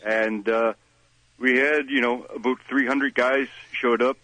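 Rambling man, bright tone. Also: medium pitch, fairly even intonation, measured pace, dry recording, low-quality recording. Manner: rambling, many fillers and "eh". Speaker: guest, show writer. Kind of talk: casual radio interview.

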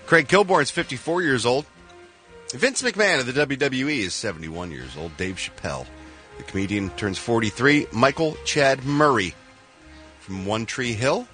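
A man's voice: mid-range voice, lively intonation, moderate pace, bright, forceful tone, soft background music. A man reporting showbiz news on a radio show, teasing and wisecracking in a theatrical announcer style from a studio. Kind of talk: morning radio banter.

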